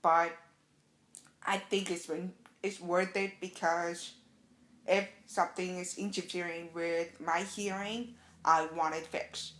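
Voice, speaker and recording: A young adult woman telling a casual, excited story as a vlogger, acting out the quotes. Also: on the low side, takes it slowly, echoey room. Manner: chatty, excited, acts out quotes.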